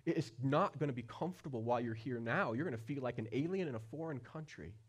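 A man preaching a sermon as pastor, earnest, with questions put straight to the listeners and swings from quiet low passages to loud high-pitched stretches. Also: quick pace, breathy edge. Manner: asks the listeners direct questions.

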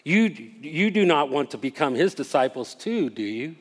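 A man's voice: fairly high pitch, expressive, moderate pace, few pauses. Man preaching in a reverberant hall. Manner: conversational, emphatic, acts out quoted voices. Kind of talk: sermon.

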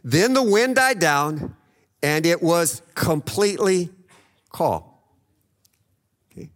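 A man's voice: on the high side, expressive, slow, a bit bright, long reverb tail. A man preaching a sermon, retelling a Bible story in a conversational way, often checking in with "okay?" and acting out the voices in it. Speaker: pastor.

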